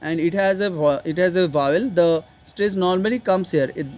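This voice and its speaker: A man's voice: high voice, moderate pace, a little mellow. A man, teaching an online literature class, patiently explaining step by step and checking that students follow.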